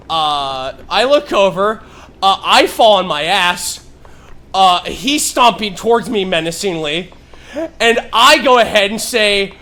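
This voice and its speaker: A man telling a story on a live stream, rambling with many fillers and swearing freely, building to loud, animated bursts. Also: sits high, a little hiss or hum.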